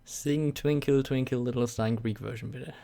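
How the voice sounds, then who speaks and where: A young man with a German accent hosts a casual live stream, reading out viewers' questions. He answers in a sarcastic, joking way and laughs often, and his voice sits at a middle pitch. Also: steady tone, normal speed, vocal fry, mellow. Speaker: YouTube channel host.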